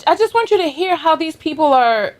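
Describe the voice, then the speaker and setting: A woman's voice: high voice, lively intonation, fairly quick. A woman hosting a reaction commentary, talking in an indignant, exasperated way. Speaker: commentary host.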